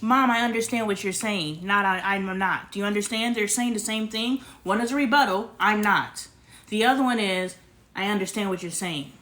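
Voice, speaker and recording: A woman's voice: mid-range voice, moderate pace, a bit bright. A young woman hosting a casual family livestream, talking bluntly in a lecturing tone and swearing freely. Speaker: livestream host.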